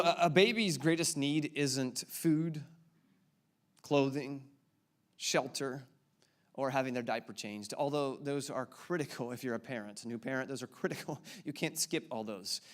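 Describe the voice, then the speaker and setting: A man in his thirties, a pastor, preaches a sermon before a congregation in a church auditorium, playfully quizzing them with repeated questions. He speaks in a mid-range voice at a moderate pace.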